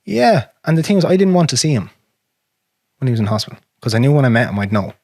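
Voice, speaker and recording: An Irish man hosting a podcast, talking frankly and with plenty of swearing, his voice sinking low and quiet on hard memories. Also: very animated, quick pace, no room sound, studio quality. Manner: frank and profane, drops to a near whisper on painful memories. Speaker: podcast host. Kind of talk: casual conversation.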